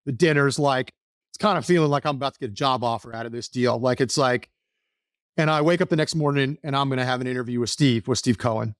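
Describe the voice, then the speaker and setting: A man's voice: medium pitch, fast, clear, resonant tone, no room sound, clean studio sound. A man from Texas, a podcast guest, telling a personal story in an earnest, rambling way, often restarting sentences. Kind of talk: casual storytelling interview.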